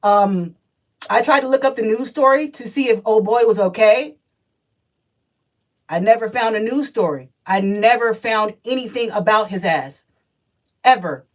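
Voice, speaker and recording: A woman telling a personal story on a livestream, animated and profane, talking straight to her viewers. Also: a little high, a little slow, pauses often, far from the mic, poor audio.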